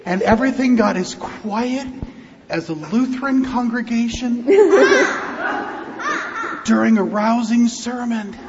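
A pastor telling a children's sermon, animated and coaxing the children to join in, recorded in a church. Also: male voice, extremely high pitch, takes it slowly, pauses often, background noise. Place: church sanctuary. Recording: muffled sound in a long-echoing church hall.

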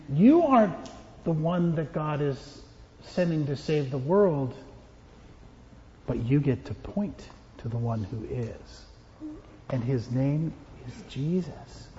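A man's voice: a little high, darkish tone, big-room sound, lo-fi sound, slight background noise. A man giving a children's sermon as pastor, playful and joking with the kids. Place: church.

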